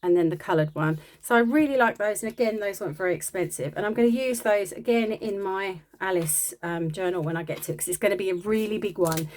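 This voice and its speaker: A woman's voice: mid-range voice, fast talker, few pauses, a little mellow. A woman chatting casually and rambling a little as she shows off her craft supply haul. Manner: chatty, rambling, self-deprecating. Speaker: crafting vlogger. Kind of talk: casual show-and-tell chat.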